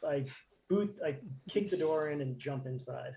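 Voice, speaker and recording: A man playing a tabletop game, speaking deliberately between chuckles. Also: a little high, gravelly, dark tone, slight background noise. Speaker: player.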